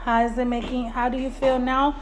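A young woman teacher patiently calming a small child, speaking in a soothing, reassuring way in a classroom. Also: high-pitched, brisk. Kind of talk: gentle coaching of a young child. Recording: noticeable background noise.

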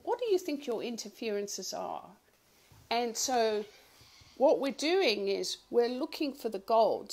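A woman coach giving a live online workshop talk, chatty and conversational, often laughing and greeting viewers by name. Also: mid-range voice. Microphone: home computer mic on a live stream.

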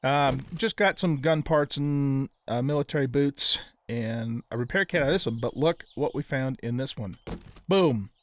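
A man's voice: mid-range voice, normal speed. An older man casually talking through his gameplay as the host, with frequent ums and restarts. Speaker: gaming YouTuber.

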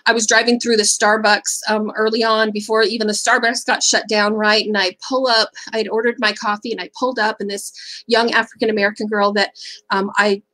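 A woman's voice: mid-range voice, flat delivery, fairly quick, sharp tone, low-quality recording. A middle-aged woman speaking at a faith-based seminar, candid and conversational, often checking in with "right?".

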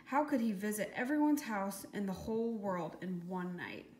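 A woman's voice: medium pitch, expressive, moderate pace, darkish tone, natural voice. A woman voicing a bratty, spoiled schoolgirl who sneers like a know-it-all, read in a storybook. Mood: snide. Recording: echoey room with faint hiss.

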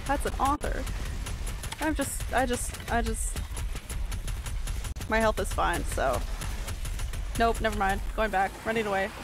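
Excitable woman streamer yelping through gameplay. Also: on the high side, unhurried, long pauses. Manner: excitable, yelps and talks to herself while playing. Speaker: game streamer. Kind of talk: live gameplay commentary. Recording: steady background noise.

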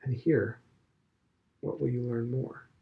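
A man doing a quiet, polite young teacher. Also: mid-range voice, slow, creaky, dull audio.

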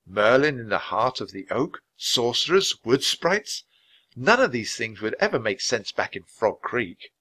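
A man's voice: normal speed, hardly any pauses. A man reading a children's chapter book aloud at a natural pace for language learners. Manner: reads at a natural, even speed for language learners; jumps higher and louder for the characters' lines. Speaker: storybook reader.

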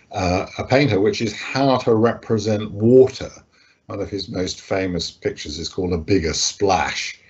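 Deep husky-voiced man, halting talk. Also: darkish tone, dull audio. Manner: hesitant, many fillers and restarts. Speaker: guest speaker, art critic. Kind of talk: lecture-style talk over slides.

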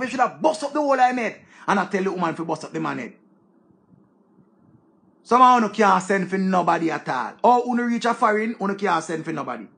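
A man's voice: high-pitched, vocal fry, fairly bright tone. A man with a Jamaican accent ranting to viewers in a heated, scolding way, swearing freely. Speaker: online commentator. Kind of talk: casual rant to viewers.

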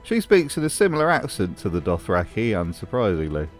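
A man's voice: lowish voice, wildly swooping pitch, fairly quick, music in the background. Wry man narrating a commentary. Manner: wry, sarcastic. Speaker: host. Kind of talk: scripted commentary.

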